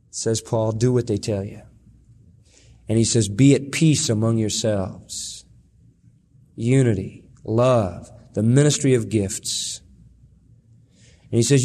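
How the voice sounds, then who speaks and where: A male pastor preaching a sermon with fervor, his voice climbing high as he reads scripture aloud. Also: a little mellow. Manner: impassioned preaching, pitch swinging high on scripture readings.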